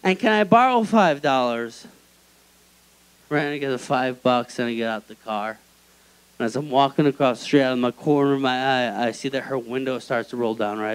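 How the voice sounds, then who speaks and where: A man's voice: medium pitch, clean tone, low-quality recording. A young man doing a stand-up comedy set in a small club, telling a story with lots of energy. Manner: animated storytelling with acted quotes.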